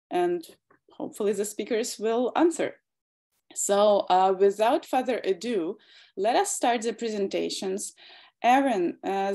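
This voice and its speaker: A woman's voice: mid-range voice, mellow. A woman hosting an online webinar, introducing speakers in a friendly, hesitant way with many fillers. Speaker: webinar host. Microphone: computer mic on video call.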